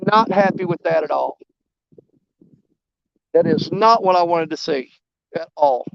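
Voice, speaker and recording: Outdoors on a riverbank, a man hosts a fishing livestream, his voice on the high side, creaky and measured, over lo-fi sound with background noise. Easygoing and rambling, he chats with viewers and greets them by name.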